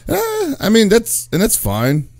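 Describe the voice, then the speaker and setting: A man's voice: sits high, huge pitch swings, unhurried, a little mellow, no echo, faint music behind. Rambling man on a gaming podcast. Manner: rambling, laughs often, trails into asides. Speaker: podcast co-host. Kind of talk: casual gaming podcast chat.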